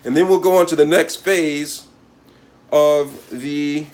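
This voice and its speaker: A man's voice: a little high, steady tone, takes it slowly, a little mellow. A man hosting a casual cooking demonstration, talking to viewers as he works in a mock-serious way and repeating a catchphrase. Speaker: cooking channel host.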